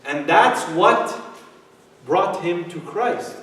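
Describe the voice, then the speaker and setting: A man's voice: on the high side, animated, normal speed. A young man giving a youth sermon, telling a story and then preaching with rising emphasis. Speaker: youth speaker. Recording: echoey hall, heard from far off.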